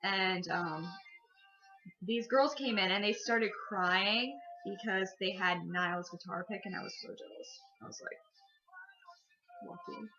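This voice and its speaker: A woman's voice: mid-range voice, measured pace, pushed and bright, muffled recording, soft background music. A teenage girl telling a casual vlog story about her concert, gushing and full of fillers. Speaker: vlogger.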